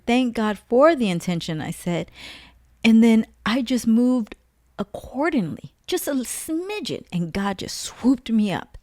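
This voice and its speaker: A woman's voice: mid-range voice, darkish tone, dry recording, studio quality. A woman giving an earnest, emotional spiritual testimony, repeating phrases for emphasis. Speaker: faith vlogger.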